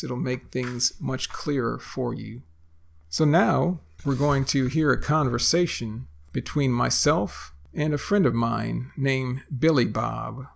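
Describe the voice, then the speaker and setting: A man teaching slang in a slow, careful, scripted podcast lesson with examples. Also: mid-range voice, creaky.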